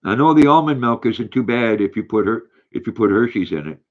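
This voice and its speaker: An older man, hosting a casual livestream, rambling and halting as he reads viewer comments aloud. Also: medium pitch, expressive, muffled recording. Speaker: livestream host reading chat.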